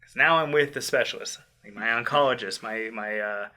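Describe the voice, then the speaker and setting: A young man casually telling a personal story, acting out quotes and dropping quiet in tense moments. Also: medium pitch, normal speed. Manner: animated, acts out quotes loudly then drops to quiet. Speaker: podcast host telling a story.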